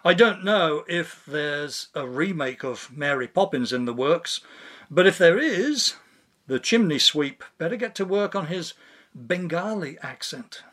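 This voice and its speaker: A man's voice: a little high, lively intonation, unhurried, a bit bright. A man reading a scripted commentary monologue in a dry, sardonic manner. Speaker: podcast commentator.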